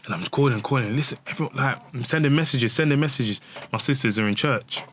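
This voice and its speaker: A man's voice: medium pitch, quick pace, a bit bright, slight background noise. A man, candidly telling a personal story as a podcast guest and acting out the voices of the people in it. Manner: candid, acts out quoted dialogue, many restarts. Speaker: guest footballer.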